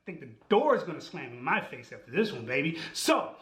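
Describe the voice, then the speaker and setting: A man with a high voice tells a comic story on his podcast. He talks in an animated way, full of slang and voiced asides, and his voice echoes around the room. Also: a little fast. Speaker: podcast host. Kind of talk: storytelling monologue.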